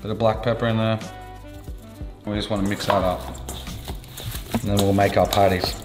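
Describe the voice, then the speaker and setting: A man's voice: lowish voice, little pitch movement, normal speed, over music. Laid-back swearing Australian man, roomy kitchen. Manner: crude, swears freely, laid-back banter. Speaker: cooking show host. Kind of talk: casual cooking vlog. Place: home kitchen.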